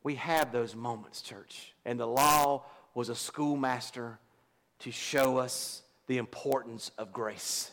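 A man's voice: mid-range voice, steady tone, takes it slowly, a bit bright. A middle-aged man, a pastor preaching a folksy, confessional sermon and joking with his congregation. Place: church.

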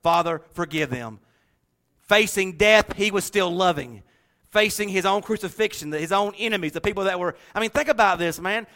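A middle-aged man preaching a sermon, telling folksy stories in an animated way and laughing often. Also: sits high, moderate pace.

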